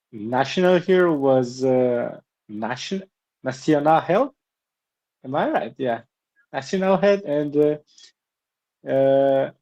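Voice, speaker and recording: A man's voice: medium pitch, mellow, highs cut off. A man speaking as a guest on a radio show, hesitant and checking whether he is right. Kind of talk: casual chat.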